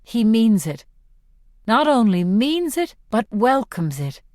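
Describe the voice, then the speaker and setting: A woman narrating a novel in the first person as an audiobook, reading slowly, clearly and with measured phrasing. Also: on the high side, sing-song, darkish tone, dry recording, studio quality.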